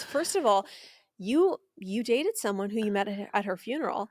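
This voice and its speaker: A young woman co-hosting a podcast in casual chat, animated and incredulous, laughing often, close to the mic. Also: mid-range voice, normal speed, no room sound. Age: young adult. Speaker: podcast co-host.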